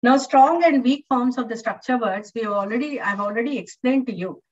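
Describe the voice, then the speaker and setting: A woman's voice: on the high side, a little fast. A female English lecturer teaching an online class, patient and repetitive, with many fillers. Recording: distant, dull lo-fi online audio.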